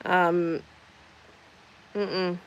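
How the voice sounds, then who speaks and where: A woman's voice: fairly low pitch, level tone, drawn-out words, muffled recording. A woman hosting a casual livestream, reading out chat comments with sarcastic, teasing banter. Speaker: livestream host.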